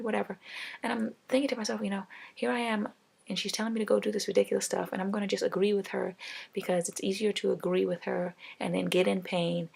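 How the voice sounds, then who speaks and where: A woman talks straight to the camera in a casual, ranting monologue, hammering her advice home through repetition. Her voice is heavy with vocal fry, with a rough, husky edge. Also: medium pitch. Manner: emphatic, repetitive, advice-giving. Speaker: vlogger.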